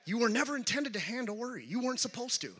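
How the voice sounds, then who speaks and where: A man preaching a sermon as a guest speaker, calling out questions to the congregation and animated in delivery. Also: very high-pitched, fast talker, husky, long reverb tail. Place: church sanctuary.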